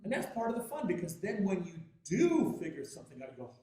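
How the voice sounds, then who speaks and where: A Canadian man giving a lively, jokey workshop talk on music and practice, telling stories and acting out voices. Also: fast talker. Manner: animated, jokey, acts out voices with big pitch jumps. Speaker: guest teacher at a music workshop. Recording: very echoey hall, distant mic.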